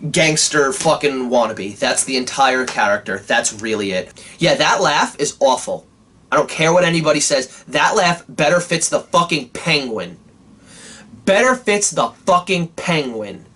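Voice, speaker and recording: A young man giving an animated, casual movie review, swearing often and restarting his sentences. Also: mid-range voice, slight background noise.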